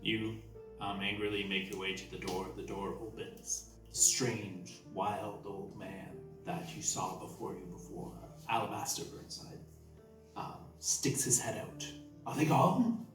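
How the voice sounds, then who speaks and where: A man running a tabletop game as game master, giving relaxed, descriptive narration. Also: lowish voice, measured pace. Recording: roomy, distant mic, faint music.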